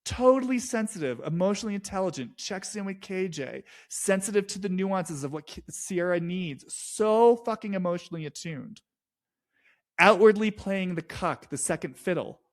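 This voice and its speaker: A man's voice: high-pitched, animated, normal speed. A young man talking through a reality show in a loose, rambling monologue, full of fillers and restarts, swearing freely. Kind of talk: casual analytic monologue.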